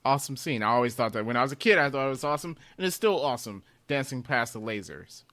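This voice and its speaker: A man's voice: mid-range voice, fast, no echo. A man co-hosting a podcast, chatting casually about a movie and laughing often. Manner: laughs often, animated retelling. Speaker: podcast co-host.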